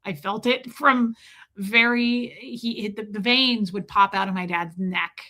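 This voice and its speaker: A woman's voice: medium pitch, slow, pushed and bright. A woman talking candidly on her livestream, confessional and emotional, rambling with restarts. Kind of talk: candid personal monologue.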